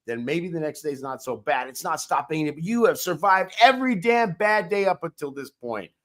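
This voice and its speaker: A man co-hosting a podcast, giving an emphatic, energetic pep talk. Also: a little high, normal speed. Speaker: podcast co-host.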